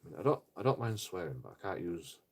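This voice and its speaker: A man with a low, husky voice rants on a live stream. He rambles and swears freely, often tripping over his words and starting sentences again. His speech stays loose and unpolished. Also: big pitch swings, quick pace, a little mellow. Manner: rambling and profane, with frequent restarts. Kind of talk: casual live-stream rant.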